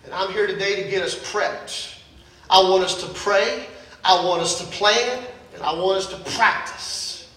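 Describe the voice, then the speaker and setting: A man's voice: high-pitched, unhurried, a bit bright, roomy sound, far from the mic, poor audio. An older man preaching a sermon as pastor, repeating phrases with rising urgency. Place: church sanctuary.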